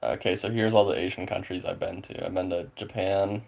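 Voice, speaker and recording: A man with a very low voice and plenty of gravelly fry at the bottom of it. He talks casually with his viewers in a loose, rambling way, leaning on filler words and tossing in swear words without a thought. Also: fairly even intonation, a little fast, a little mellow. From Spokane, Washington, USA. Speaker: streamer chatting with viewers. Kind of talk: casual chat.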